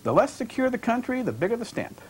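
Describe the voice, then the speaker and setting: A man's voice: very high voice, big pitch swings, fast, slightly rough, voice pushed up, heavily acted, low-quality recording. A man reading aloud from his novel, voicing a wry, talkative young American woman traveler with ironic, lightly defensive chatter. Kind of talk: author reading dialogue aloud.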